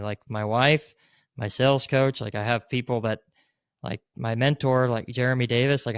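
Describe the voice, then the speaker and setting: A man's voice: medium pitch, clear, resonant tone, dry recording, clean studio sound. Rambling man telling a story on a podcast. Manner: rambling, filler-heavy, leans on "like"; acts out quoted lines, gets loud in retelling. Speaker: door-to-door sales rep, podcast guest. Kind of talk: casual interview storytelling.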